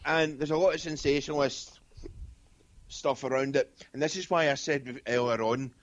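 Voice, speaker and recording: A man's voice: mid-range voice, fairly even intonation, normal speed, lo-fi sound, a loud crowd. A Scottish man speaking as a guest medium in a casual interview, blunt and straightforward, rambling with lots of fillers. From Scotland.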